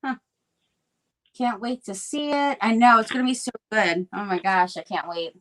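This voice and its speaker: A woman's voice: mid-range voice, animated, moderate pace, fairly bright tone. A woman hosting a live craft stream, chatting in an upbeat way with lots of fillers while she shapes clay. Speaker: craft livestream host.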